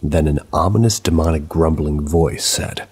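A man's voice: rumbling low, moderate pace, a little mellow, slightly rough. A man narrating a first-person paranormal story in a casual, conversational way with wry asides.

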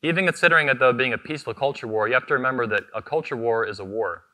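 A man's voice: mid-range voice, rapid-fire, pushed and bright. A man giving a fiery convention keynote speech on stage into a microphone, combative and profane, hammering short repeated phrases. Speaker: keynote speaker, convention founder.

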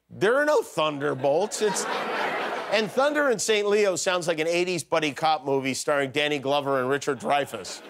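A man's voice: fairly high pitch, slight background noise. A middle-aged man hosting a late-night show, delivering a comedy monologue with wry jokes and chuckling through the punchlines. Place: television studio with live audience.

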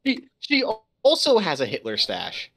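A man's voice: on the high side, huge pitch swings, measured pace, vocal fry, fairly bright tone. A young man co-playing a game, tossing out dry, darkly jokey banter in casual chat. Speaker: co-player. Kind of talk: casual let's-play banter.

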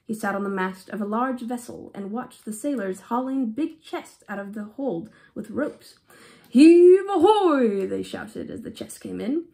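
A woman reading a fairy tale aloud for children with an affected English-style accent, expressive and pausing for short explanatory asides. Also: mid-range voice, creaky. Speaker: storybook reader.

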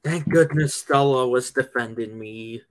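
Guy running a stream, slow short replies, mid pitch. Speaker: stream host. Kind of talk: casual chat.

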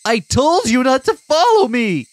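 A man doing a furious teenage boy from a visual novel, raising his voice high and loud as he barks commands. The delivery is harsh and impatient. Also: very animated, a little slow, dry recording, heavily acted. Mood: angry shouting. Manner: shouting commands. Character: angry teenage boy yelling at a friend.

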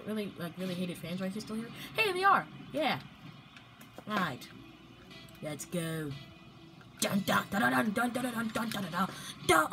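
A young woman commentating her own gameplay, playful and prone to loud outbursts and strings of repeated protests. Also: mid-range voice, rough recording. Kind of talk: excited gaming commentary.

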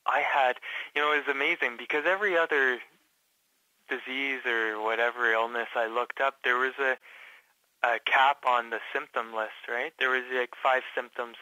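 Hesitant man with a bright, flat voice. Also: mid-range voice, no echo, rough recording. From Canada. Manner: halting, many fillers and restarts. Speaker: patient guest. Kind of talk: casual interview.

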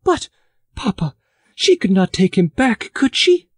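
Man doing timid young farm girl, high lilting voice, storybook, dry studio. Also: big pitch swings, unhurried, slightly rough, dry recording, full character voice. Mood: timid pleading. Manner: timid, questioning. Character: young country girl, farmer's daughter.

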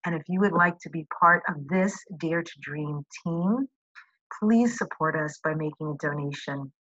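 A woman's voice: sits low, moderate pace, fairly bright tone, no echo, highs cut off. A woman hosting a podcast interview, effusive and encouraging toward her guest. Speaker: podcast host. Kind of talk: interview and show promo.

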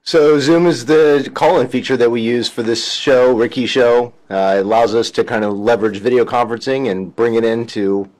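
A man's voice: mid-range voice, fairly even intonation, normal speed, few pauses, a little mellow, poor audio. A man on a comic talk show, answering and explaining in a matter-of-fact way. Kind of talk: plain explanation.

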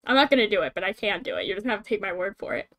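A woman's voice: medium pitch, animated, rapid-fire, a bit bright. A woman streamer chatting casually, giggling often and rambling from one thought to the next. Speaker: streamer host. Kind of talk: casual chat.

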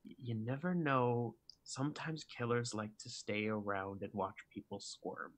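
A man's voice: mid-range voice, unhurried, pushed and bright. A man voicing a grown male murder investigator in a tabletop role-play game, speaking in a hesitant, roundabout way. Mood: ominous.

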